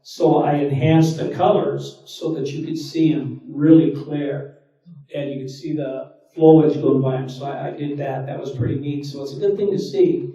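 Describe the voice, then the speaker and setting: A man on a panel explaining local history in a steady, matter-of-fact way. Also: mid-range voice, moderate pace. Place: town hall. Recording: echoey hall, distant and lo-fi.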